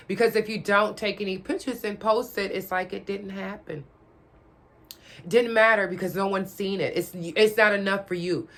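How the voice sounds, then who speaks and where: A woman's voice: mid-range voice, fairly even intonation, moderate pace, a bit bright. A woman giving a blunt, profane, lecturing rant straight to her audience, repeating her questions for emphasis. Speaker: vlogger. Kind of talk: direct-to-camera rant.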